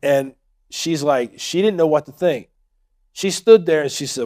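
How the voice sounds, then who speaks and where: A man's voice: a little high, a little slow, a little mellow. Joking, chatty storytelling man. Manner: joking, chatty, keeps saying right. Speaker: convert telling his story. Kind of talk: storytelling talk.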